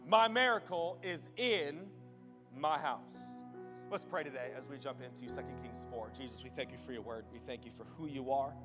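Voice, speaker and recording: A man in his thirties from the United States, preaching a sermon and telling stories with animated, emphatic delivery. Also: medium pitch, fast, few pauses. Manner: animated storytelling, rising loud for emphasis. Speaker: pastor. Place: church sanctuary. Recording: long hall reverb with faint music.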